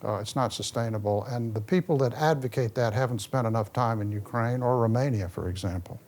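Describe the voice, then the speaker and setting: A man, a former ambassador, giving a public talk and answering questions, with lively storytelling and a restless manner. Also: mid-range voice, brisk. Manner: animated storytelling, restless, moves around.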